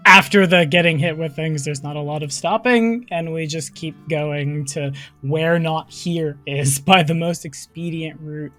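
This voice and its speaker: A man's voice: a little high, measured pace, few pauses, sharp tone, faint music behind. A man playing in a tabletop game, making joking asides. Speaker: player. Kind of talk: casual chat.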